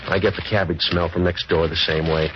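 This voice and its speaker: A man's voice: deep voice, little pitch movement, brisk, lo-fi sound, lightly acted. An actor playing a cynical, wisecracking hard-boiled male detective in 1940s radio acting, with a dry, sardonic delivery. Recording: scratchy old radio broadcast.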